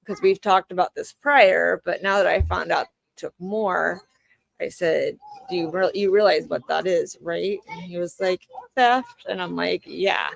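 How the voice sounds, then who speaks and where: Gravelly-voiced woman telling a rambling story. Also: fairly low pitch, fairly even intonation, moderate pace, no echo, rough recording. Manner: rambling anecdote told with quoted back-and-forth dialogue. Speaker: livestream host. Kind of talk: casual storytelling chat.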